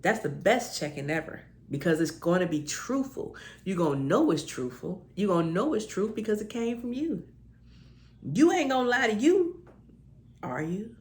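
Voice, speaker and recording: A woman's voice: fairly low pitch, animated, normal speed, hardly any pauses, darkish tone. A woman with talk giving heartfelt spiritual encouragement to listeners, calling them honey and baby. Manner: emotional, tearing up with joy. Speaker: spiritual self-help podcaster.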